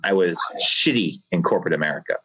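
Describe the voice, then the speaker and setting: Deep husky man on a video call. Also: quick pace, sharp tone, dry recording. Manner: passionate, rambling, earnest. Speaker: cigar factory owner, podcast guest. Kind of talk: earnest reflective monologue. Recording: dull lo-fi video call audio.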